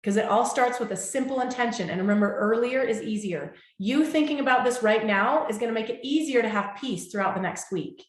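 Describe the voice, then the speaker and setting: A woman hosting a motivational talk, speaking heartfelt and warm and checking in with her listeners often. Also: fairly high pitch, a little fast, few pauses. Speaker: host. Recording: echoey room.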